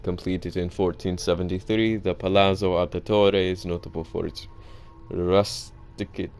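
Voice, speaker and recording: A man reading game lore aloud in a put-on mock Italian accent, halting and stumbling over names. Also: low-pitched.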